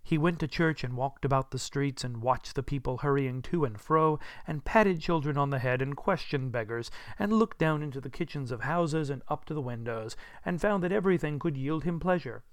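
A man narrating a classic story in an expressive, storytelling manner. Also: mid-range voice, normal speed, hardly any pauses, no echo, clean studio sound. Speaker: audiobook narrator. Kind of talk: scripted narration.

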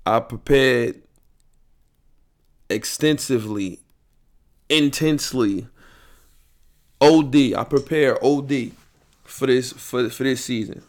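A man's voice: medium pitch, takes it slowly, pauses often. A young man hosts his own podcast and rants about a loss. He talks in a heated, profane, repetitive way, circling back to the same complaints over and over. His voice sits in a middle range for a man. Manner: angry, profane, repetitive ranting. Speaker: podcast host. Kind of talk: solo podcast rant. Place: home podcast setup, late at night. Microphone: headphones and studio mic.

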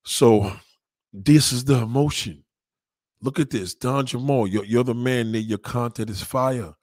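A man talking casually on his livestream, rambling and emphatic, swearing often and swinging between loud and quiet. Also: mid-range voice, measured pace, no room sound, studio quality. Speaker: livestreamer taking donations.

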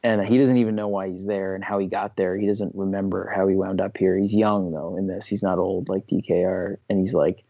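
A man's voice: deep voice, level tone, a little fast, hardly any pauses, mellow, dry recording. A man talking as a guest in a casual interview, rambling enthusiastically and often restarting his sentences. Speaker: comic book writer, interview guest. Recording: dull lo-fi dry recording.

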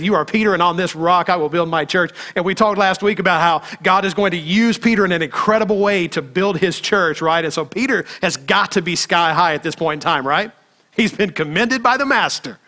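Male pastor, slightly high bright voice, lively preaching with rhetorical questions. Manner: animated, rhetorical questions, dramatic quoted dialogue. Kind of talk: sermon.

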